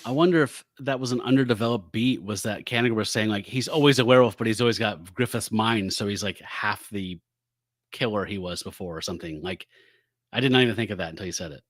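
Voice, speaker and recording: A man co-hosting a podcast, chatting casually about a comic book and reading its dialogue aloud in quick, playful voices, laughing often. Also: on the low side, a bit bright, no echo. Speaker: podcast co-host.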